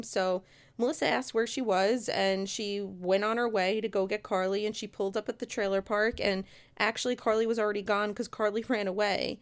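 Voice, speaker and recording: A woman's voice: medium pitch, steady tone, fairly quick. A woman casually telling a true-crime story, chatty and conversational, with asides to her listeners. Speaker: storyteller host.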